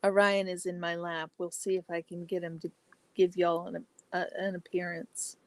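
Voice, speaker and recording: A woman hosting a casual livestream chat, reading viewer comments aloud and answering each by name, chatty and exclamatory with soft asides. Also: lowish voice, flat delivery, moderate pace, no room sound. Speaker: livestream host.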